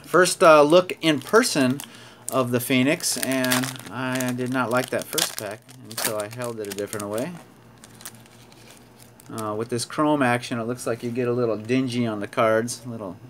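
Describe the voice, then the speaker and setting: A man's voice: mid-range voice, fairly even intonation, normal speed, fairly bright tone, slight background noise. A man casually narrating as he opens sports card packs, reading out card names and chuckling now and then. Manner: chatty, reads card names aloud with small laughs. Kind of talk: casual pack-opening commentary.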